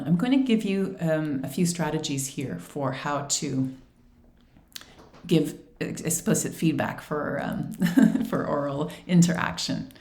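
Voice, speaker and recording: A woman giving an instructional presentation on feedback for language teaching, speaking clearly and patiently, acting out short teacher and student exchanges. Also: sits low, a little mellow, reverberant. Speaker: ESL teacher trainer.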